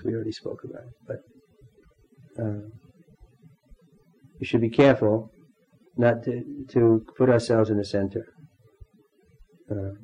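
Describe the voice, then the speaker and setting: A man teaching a devotional class in a halting way, pausing often and clearing his throat. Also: mid-range voice, dark tone, lo-fi sound. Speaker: spiritual teacher.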